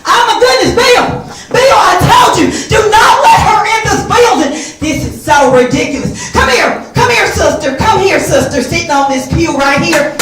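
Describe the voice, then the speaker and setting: A woman playing a loud, boastful older church mother who scolds everyone and calls them baby, in a one-woman stage comedy. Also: very high voice, sing-song, moderate pace, music in the background. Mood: scolding. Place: theater stage, live. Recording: echoey stage from far off.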